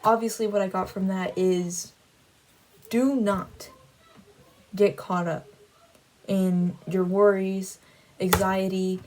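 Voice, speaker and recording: Woman, mellow tone, casual storytelling, rambling, filler-heavy. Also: mid-range voice, level tone, takes it slowly, long pauses, a little hiss or hum, rough recording. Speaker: Christian vlogger. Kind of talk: casual storytelling, recounting a dream.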